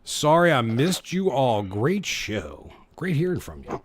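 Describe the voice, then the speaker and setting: Reading viewer comments on a laid-back livestream, a man cracks jokes and laughs between each one. His medium-pitched voice is sing-song and unhurried, and the recording is dry.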